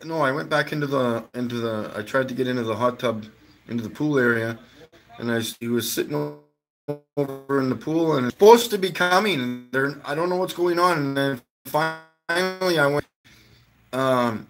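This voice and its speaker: A man's voice: mid-range voice, normal speed, music in the background. A man hosting a live stream from home, telling casual, rambling stories, swearing freely and laughing as he talks.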